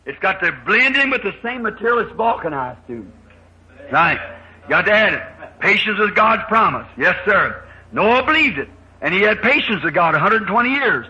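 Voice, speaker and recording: High-voiced preacher with a bright, muffled sound. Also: male voice, very animated, normal speed. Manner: folksy storytelling, acting out dialogue with shouted high-pitched bursts. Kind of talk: sermon. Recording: muffled old recording.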